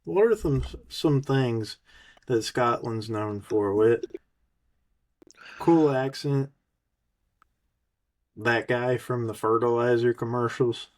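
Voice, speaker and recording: Brief: male podcast co-host, mid-pitched voice, mocking and heated, listing a fighter's failures. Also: slow pace, pauses often, a little mellow. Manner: sarcastic, cutting, heated. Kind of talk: mocking rant.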